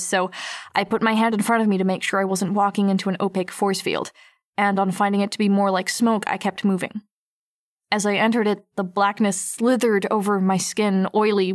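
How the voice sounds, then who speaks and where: A wary teenage girl, read by a woman, narrates her own story in an audiobook. The voice is mid-pitched and steady with an edge of tension. The recording is dry and close. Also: no room sound, lightly acted. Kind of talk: first-person audiobook narration.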